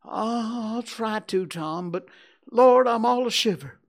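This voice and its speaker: A man voicing a frightened, superstitious young backwoods boy in a high, panicky whisper. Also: slow pace, creaky, full character voice. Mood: terrified.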